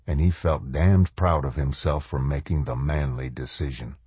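A man narrating an audiobook in a measured, steady storytelling manner. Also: a bass voice, husky, no room sound. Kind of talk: scripted narration.

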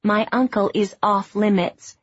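A woman's voice: mid-range voice, steady tone, unhurried, slightly rough, dull audio. Woman voicing a headstrong young dancer.

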